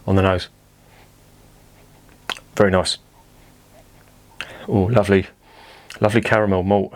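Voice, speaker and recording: A man's voice: sits low, level tone, a little slow, pauses often. A man giving a chatty, blunt beer review, swearing casually as he talks.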